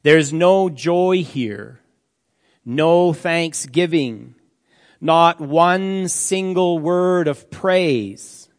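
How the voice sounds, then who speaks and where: A man preaching a sermon, reading slowly and solemnly, his voice sinking almost to a hush at the ends of phrases. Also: a little high, in a large hall. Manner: slow, solemn reading with dramatic drops to near-quiet.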